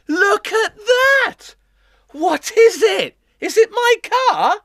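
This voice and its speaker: A man presenting a children's show, talking in an exaggerated way and slowly repeating phrases for young viewers to say along. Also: very high voice, big pitch swings, bright, forceful tone, dry recording, clean studio sound.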